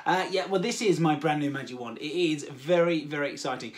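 A host of a children's activity show, hamming it up with silly, theatrical asides. Talks straight to the children watching and coaxes them to shout back. Medium pitch throughout. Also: brisk. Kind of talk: playful kids' show presenting. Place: home, garden.

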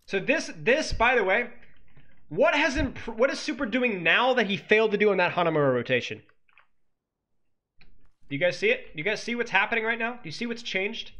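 A man analyzing a match replay as a coach, quick to exclaim and talking straight to viewers. His voice sits high and bright, with wide swings in pitch. He sounds energetic and pointed. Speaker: esports coach. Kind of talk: game replay analysis commentary.

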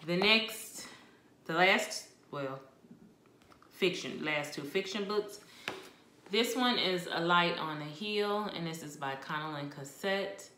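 A woman chatting casually about books she read, expressive and talkative with laughs and asides. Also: fairly low pitch, takes it slowly, reverberant, slight background noise. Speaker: book vlogger. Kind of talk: casual book review chat.

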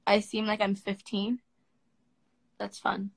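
Speaking slowly in a creaky, medium-pitched voice, a Washington, D.C., United States model in her twenties answers fans' comments during a casual phone livestream at home. The recording is rough.

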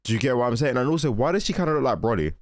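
Animated young man reacting excitedly. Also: mid-range voice, very fast, no echo, studio quality. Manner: exclaiming, self-interrupting, laughing. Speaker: reaction video host. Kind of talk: casual excited reaction commentary.

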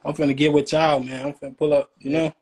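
A man's voice: a little high, flat delivery, fast talker, darkish tone. A young man from Chicago with a Chicago accent, ranting and taunting in casual livestream talk full of street slang. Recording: faint background noise.

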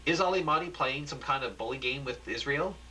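A man's voice: medium pitch, fairly quick, sharp tone, a little hiss or hum, lightly acted, low-quality recording. A man voicing an alarmed female TV news anchor who asks urgent, anxious questions. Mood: curious.

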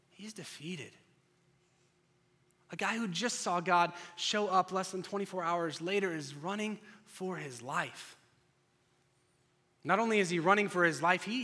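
A male pastor preaching a sermon, telling the story dramatically and swinging between loud and hushed delivery. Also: high voice. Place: church sanctuary. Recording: long church reverb.

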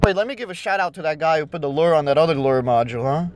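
A man's voice: on the high side, racing. A young man ranting and cursing nonstop while driving around and vlogging. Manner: angry, cursing constantly. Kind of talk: casual rant while driving. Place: in a car.

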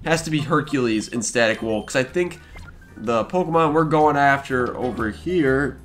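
An excitable young man records video game commentary with faint game music behind him. His pitch sits mid-range for a man, and he reacts out loud as he plays. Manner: excitable, talks to the game characters, quick exclamations. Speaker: let's play host.

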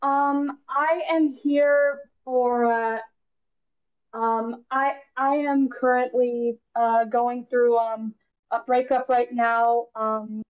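A woman's voice: fairly high pitch, steady tone, very slow, phone-quality sound. A woman in her twenties calling in to a livestream, speaking hesitantly with many ums. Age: 20s. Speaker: caller. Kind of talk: phoning in to a livestream.

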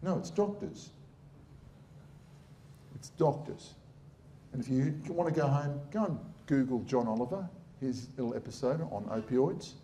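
A middle-aged man holds forth in a lively public talk, blunt and irreverent with a sarcastic edge. His voice sits at an ordinary pitch for a man, with a dark, mellow tone. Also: a little slow, pauses often, slight background noise. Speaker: surgeon giving a public talk.

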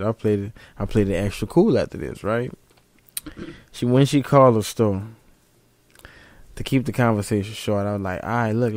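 A man's voice: fairly low pitch, a little mellow, dry recording. A young man with a Southern US accent, co-hosting a podcast in casual chat and telling stories in a laid-back, slangy way. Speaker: podcast co-host.

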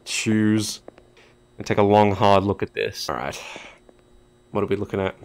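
A man with a fairly low voice narrates his own gameplay in a loose, jokey let's-play style. He swears freely and chats directly to the characters on screen as he plays. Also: steady tone, a little slow, pauses often, darkish tone. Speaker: gaming YouTuber.

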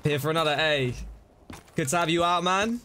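A chatty young man with a fairly high voice commentates on his game live, quick to exclaim and talk to his chat. The stream mic picks up plenty of game noise behind him. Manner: chatty, excitable, reacting and chatting to viewers.

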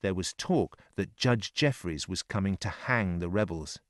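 Steady male audiobook narrator. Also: sits low, a little slow, dry recording, clean studio sound. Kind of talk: audiobook reading for English learners.

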